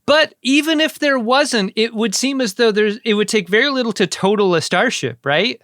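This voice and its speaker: A man with a high, bright voice banters on a podcast with dry, wry jokes. His speech is crisp and clean. The recording is close and dry. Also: expressive, moderate pace, no room sound. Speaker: podcast co-host. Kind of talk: casual chat recapping a TV episode.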